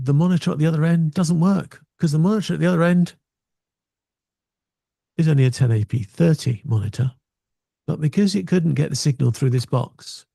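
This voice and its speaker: A man's voice: on the high side, creaky, dark tone, husky, no echo, clean studio sound. A man co-hosting a video tech show, chatty and self-deprecating as he explains.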